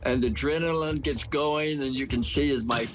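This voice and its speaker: A man's voice: medium pitch, steady tone, normal speed, rough recording. A man in his seventies telling a story in a plain, folksy way during a documentary interview. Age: 70s. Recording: faint music underneath. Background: faint music.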